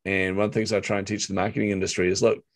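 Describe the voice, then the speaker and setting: A middle-aged man with a New Zealand accent, an interview guest telling animated stories and acting out quotes. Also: low-pitched, racing. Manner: animated storyteller, acts out quotes. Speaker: guest, marketing coach. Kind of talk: storytelling interview chat.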